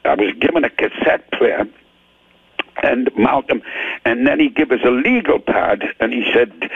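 An older man with a Geordie accent from Newcastle, telling rambling, animated anecdotes with stammers as a guest in a casual interview. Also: mid-range voice, normal speed, dry recording. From Newcastle, England. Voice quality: gravelly, husky. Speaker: guest rock singer. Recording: tinny phone line.

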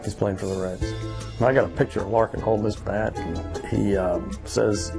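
A man's voice: lowish voice, fairly even intonation, moderate pace, gravelly, music in the background. A man from Louisiana, a baseball bat maker, telling a story as a guest and acting out what other people said. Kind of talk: storytelling interview.

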